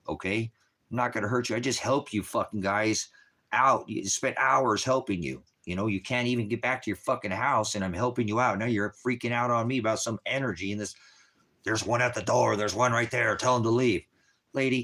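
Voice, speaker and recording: A man's voice: mid-range voice, fairly bright tone. A man who leads a ministry, talking to viewers in a casual livestream, rambling, profane and emphatic. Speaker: ministry leader.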